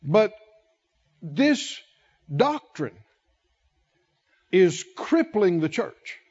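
Male preacher, high-pitched, slow and emphatic, pausing on repeated words. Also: very animated, a little mellow, dull audio. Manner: emphatic, repeats key words with long pauses. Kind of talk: sermon.

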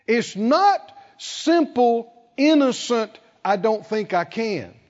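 Man, preacher, sermon, very high voice, lively pitch, muffled hall recording. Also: takes it slowly. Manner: emphatic, acts out quoted voices, rises to loud peaks. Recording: dull, reverberant hall sound.

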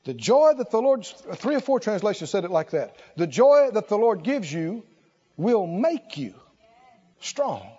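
High voiced preacher guy, slow and lively, hammering the same lines over and over, muffled old recording. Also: slightly rough. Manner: emphatic, repeats phrases, exclaims. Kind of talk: sermon.

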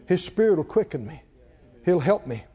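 A man preaching a sermon with passion, swinging from quiet low passages to loud peaks. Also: sing-song, normal speed, slightly rough. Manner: impassioned, rising to loud peaks and dropping low. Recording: dull lo-fi sound.

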